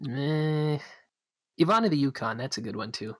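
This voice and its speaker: A man's voice: medium pitch, expressive, normal speed. A young man from Canada, co-hosting a podcast in a laid-back, chatty way. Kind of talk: casual podcast chat.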